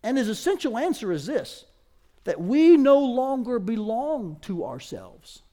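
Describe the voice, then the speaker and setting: Emphatic high-voiced male pastor preaching. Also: sing-song, dark tone. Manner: emphatic, rising in pitch and volume on key points, slowing to stress words. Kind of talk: sermon.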